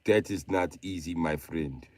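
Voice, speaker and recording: A man's voice: low-pitched, measured pace, darkish tone, no room sound. A man streaming live, chatting casually in a crude, joking way and laughing at his own bits.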